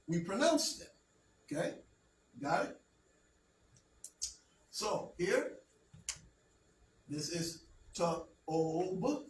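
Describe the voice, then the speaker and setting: A man with a fairly high voice gives a slow, patient classroom lesson, often stopping to ask if everyone follows. He stands away from the mic in a roomy space with a faint hiss behind. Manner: patient, checks understanding with frequent "okay?". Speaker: teacher. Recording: roomy, distant, faint background noise.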